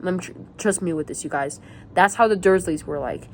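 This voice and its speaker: A woman's voice: lowish voice, a little fast, gravelly, a little hiss or hum. A woman vlogger talking casually to her viewers, rambling and repeating herself with many restarts. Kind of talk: casual rambling vlog talk.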